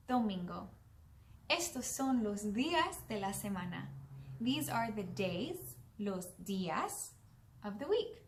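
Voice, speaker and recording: A young woman teaching a beginners' language lesson to children, slowly sounding out words and encouraging the listener to repeat. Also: on the high side, sharp tone.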